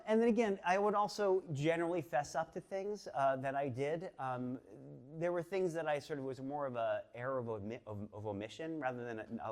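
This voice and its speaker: A man in his fifties from the Boston area, telling a personal story to a live audience in a chatty, animated way with many fillers and restarts. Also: medium pitch. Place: stage before a live audience.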